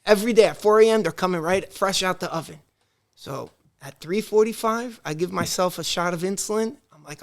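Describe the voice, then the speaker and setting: Brief: man, high voice, animated storyteller on a podcast. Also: normal speed. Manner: animated, acts out family dialogue. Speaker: podcast guest. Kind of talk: casual storytelling.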